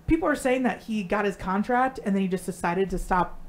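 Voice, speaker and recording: A woman co-hosting a live stream, talking casually and bluntly with lots of swearing and animated storytelling. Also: medium pitch, brisk. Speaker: co-host.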